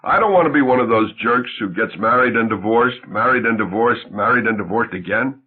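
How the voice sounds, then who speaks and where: A man voicing an earnest, devoted husband, gentle and pleading in a soft, low-key way, in a tinny, phone-like recording. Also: a little fast, slightly rough.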